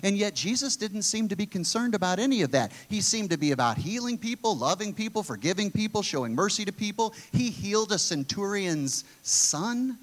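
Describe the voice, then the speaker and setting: An earnest male preacher gives a conversational sermon in a somewhat high voice. He thinks aloud, doubling back and restarting his sentences before pressing on. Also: very animated, fairly quick, hardly any pauses.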